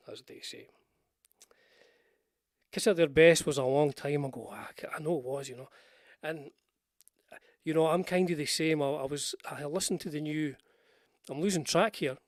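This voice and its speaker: Recorded clean in the studio with no echo, this older Scotsman's voice sits on the high side as he hosts a casual livestream. He rambles meanderingly, often restarting and going off on asides.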